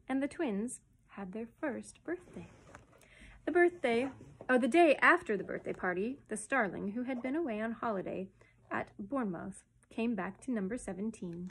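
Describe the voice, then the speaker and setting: A woman librarian reads a chapter book aloud for children's story time. Her voice sits at a middle pitch, and she narrates in a gentle, expressive way.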